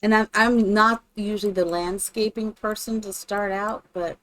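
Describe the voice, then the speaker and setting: A woman's voice: medium pitch, fairly even intonation, moderate pace, a bit bright. A woman live-streaming, chatting casually and thinking aloud while she builds in a game, greeting her viewers by name.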